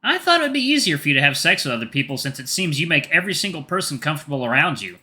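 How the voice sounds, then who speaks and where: Visual novel role: a man reading a bashful, joking young guy, bright sharp voice, lively. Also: fairly high pitch, racing, heavily acted. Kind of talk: visual novel read aloud.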